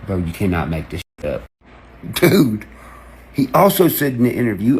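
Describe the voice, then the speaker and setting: Male creator, gravel in a low voice, fired-up profane rant to camera, faint room hiss behind. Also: moderate pace, pauses often. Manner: excited, profane, jumps between topics, acts out quotes. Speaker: online creator.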